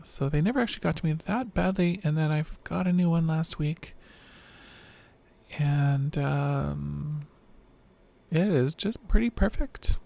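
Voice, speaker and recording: Late at night and worn out from a long day, she rambles through a reflective, self-deprecating video diary. Her low, androgynous voice comes off mostly male, with a rough, fry-laden edge, and she speaks at a measured pace in a warm tone.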